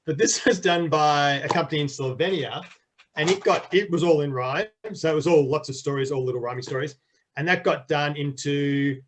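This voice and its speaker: A man's voice: on the high side, a bit bright, a little hiss or hum. A middle-aged man, a children's author, chatting enthusiastically in an interview with frequent restarts. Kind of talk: casual interview chat.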